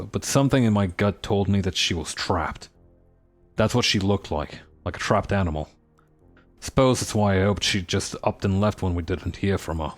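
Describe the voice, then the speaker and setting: A man voicing a bitter, world-weary townsperson in a game, talking low and muttering. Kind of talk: reading game dialogue aloud.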